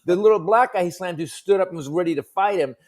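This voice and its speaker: A middle-aged comedian on a talk panel tells a profane story with punch, his fairly high voice leaping higher and louder when he acts out the people in it. His delivery is animated and conversational. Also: fast talker. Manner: profane, punchy anecdote telling. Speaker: comedian guest.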